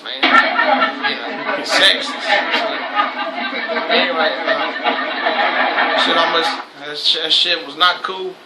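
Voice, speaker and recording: Brief: young male host, high gravelly voice, swears and laughs freely. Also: very noisy. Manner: loose, swearing, laughs often. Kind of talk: casual chat. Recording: echoey room.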